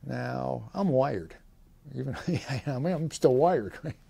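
A man's voice: mid-range voice, lively intonation, takes it slowly, creaky, warm tone, breathy edge, no echo. A man in his eighties, a veteran, recalling his service in an oral history interview, rambling with fillers and short laughs. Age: 80s. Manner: voices quoted people in livelier tones.

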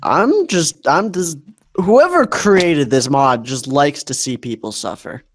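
A man's voice: a little high, animated, slow. A young man chatting casually with a friend while they play a game, whiny and playfully dramatic. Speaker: gaming co-player. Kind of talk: casual gaming chat.

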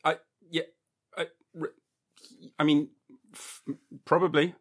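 A man's voice: on the high side, animated, a little slow, long pauses, a bit bright. A man hosting a podcast in a casual comedic monologue, rambling and jokey, swearing freely and acting mock-indignant. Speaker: podcast host.

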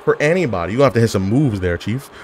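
A man giving casual, animated commentary while playing an online wrestling game, yelling at his opponent and cracking jokes. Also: fairly low pitch, fast talker, slight background noise. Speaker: gaming YouTuber.

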